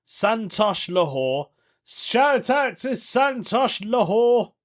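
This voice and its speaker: A man hosting a solo podcast, chatting casually, reading a news story aloud and reacting with amused disbelief. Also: a little high. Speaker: podcast host.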